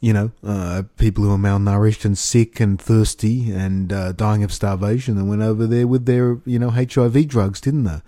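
Man, podcast co-host, dry close sound, halting, many fillers. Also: fairly low pitch, fairly even intonation, warm tone, dry recording. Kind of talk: casual conspiratorial chat.

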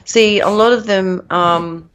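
A woman with a smooth, mid-range voice and a fairly bright tone speaks slowly while co-hosting a podcast. Her casual chat rambles and gets emphatic, and she laughs at her own points. The audio is dull and lo-fi.

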